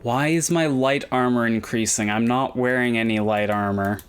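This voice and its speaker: A man's voice: medium pitch, normal speed, clear, resonant tone. A man giving casual, rambling commentary while streaming a game, thinking aloud and humming to himself.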